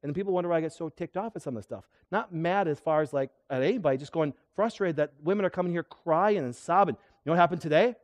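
Middle-aged man, chiropractor lecturing a crowd, fairly high voice, animated, question-and-answer style. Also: quick pace, hardly any pauses. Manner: animated, asks the audience questions. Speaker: chiropractor giving a health talk. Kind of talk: live seminar lecture to an audience.

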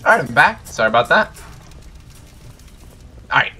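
A man's voice: mid-range voice, sing-song, normal speed, sharp tone, breathy edge. A man casually commentating his own video game playthrough, chatty and rambling. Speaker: gaming video host. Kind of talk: casual let's-play commentary.

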